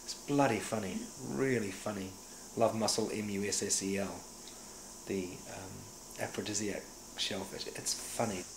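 Middle-aged New Zealand actor, fairly low voice, animated storyteller, echoey room with faint ambience. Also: male voice, moderate pace, noisy background. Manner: animated storyteller who acts out remembered dialogue. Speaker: actor and director interviewee. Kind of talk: casual anecdotal interview.

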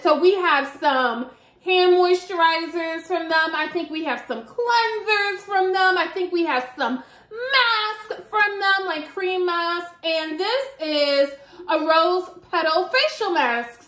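A woman's voice: very high voice, a bit bright, reverberant. A young adult woman chatting casually to her viewers as she unboxes beauty products, giggling often. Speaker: beauty vlogger.

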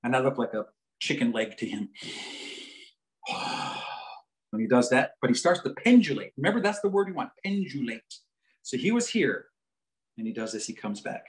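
A man lectures as a psychologist, telling stories with humor. His pitch sits in the middle but rises and falls a lot, which makes him sound lively. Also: fairly quick, low-quality recording. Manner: animated, joking storyteller. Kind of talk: storytelling lecture.

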